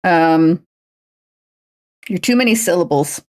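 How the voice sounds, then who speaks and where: A woman's voice: low-pitched, animated, normal speed, long pauses. A woman streaming while she paints a miniature, chatting casually and playfully, cooing baby talk at her pet. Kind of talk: casual chat while crafting.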